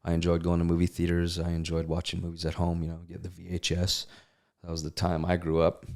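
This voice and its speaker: A middle-aged actor, appearing as an interview guest, tells stories casually in a deep voice at a quick pace. He's animated, acting out the people he quotes in different voices.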